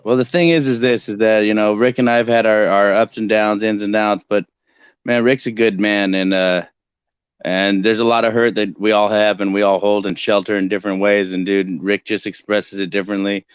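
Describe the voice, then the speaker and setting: Low smooth guy rambling on a stream, crude jokes, dull dry sound. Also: fairly even intonation, moderate pace, dry recording. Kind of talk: casual chat.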